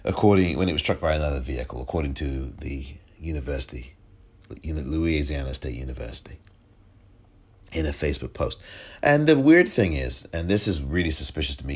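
A man hosting a solo commentary podcast, emotional and halting, often repeating himself. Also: very deep voice, husky. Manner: emotional, halting, repeats himself, audibly moved to near tears. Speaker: podcast host.

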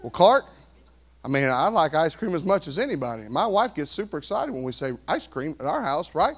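A man preaching a sermon in an animated way, swinging from quiet asides to near shouting. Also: high voice, a little fast. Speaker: pastor.

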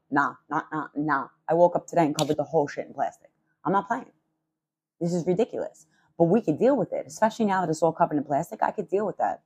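Husky, foul-mouthed ranting woman. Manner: fiery, sarcastic, swears constantly; animated, leaps up in pitch for emphasis. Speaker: podcast host. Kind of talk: profane podcast rant.

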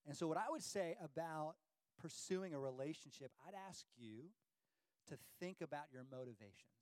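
Man teaching a verse, a bit high. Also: lively intonation, moderate pace, a little mellow, no room sound, rough recording. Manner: explains a verse, repeats a line for effect. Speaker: panelist. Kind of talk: sermon-like teaching.

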